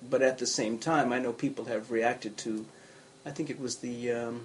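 A man who coaches English, talking through an interview in a relaxed, chatty way. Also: mid-range voice, moderate pace. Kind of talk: conversational interview.

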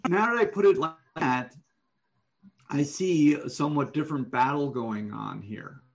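A man giving one-on-one manuscript feedback over an online call, explaining deliberately and thinking aloud. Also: a little high, vocal fry. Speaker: writing coach.

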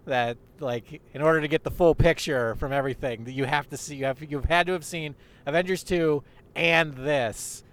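A man's voice: a little high, normal speed, fairly bright tone, clear, resonant tone. A young man in comic banter, riffing in long mock-earnest bits while riding in a car. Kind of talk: comedic banter. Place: in a car in traffic.

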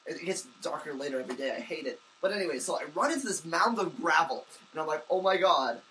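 A young man co-hosting a podcast, telling a story in casual chat with excitable rambling and many restarts. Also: fairly high pitch, fast, distant mic, slight background noise, rough recording. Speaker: podcast co-host.

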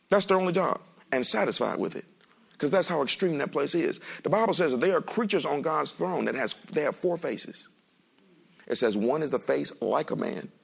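A male pastor preaching a sermon in a lively, joking way, speaking straight to the congregation. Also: on the high side, creaky, slightly rough. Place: church sanctuary.

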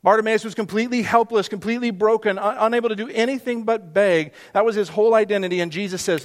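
Pastor, male, high-pitched, earnest preaching with quiet hushed moments; reverberant sanctuary. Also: fast, few pauses. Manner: earnest, with sudden soft hushed drops for emphasis. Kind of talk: sermon. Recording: long hall reverb.

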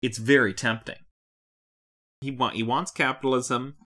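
A man's voice: mid-range voice, steady tone, moderate pace, pushed and bright. A man co-hosting a casual podcast chat, rambling and laughing often as he explains things. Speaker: podcast co-host.

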